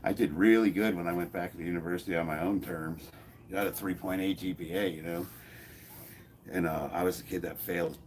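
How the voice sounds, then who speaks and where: Man in his 40s, low-ish voice, blunt and jokey, casual garage-gym chat, faint room hum behind. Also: fairly even intonation, a little fast. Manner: blunt, joking, laughs often, swears freely. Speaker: fitness YouTuber. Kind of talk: casual chat while lifting in a garage, reading comments aloud.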